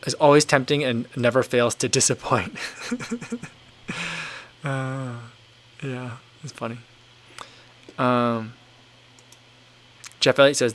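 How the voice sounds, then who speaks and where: A man's voice: medium pitch, fairly bright tone. A man in his thirties hosting a casual livestream, reading viewer comments aloud and musing in a loose, rambling way full of "like" and "um". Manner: rambling and easygoing, leans on "like" and "um". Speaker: livestream host.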